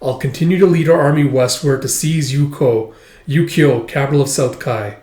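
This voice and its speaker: A man's voice: mid-range voice, normal speed, a little mellow, echoey room, close to an everyday voice. A man reading as a resolute young king. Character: young king commanding his army.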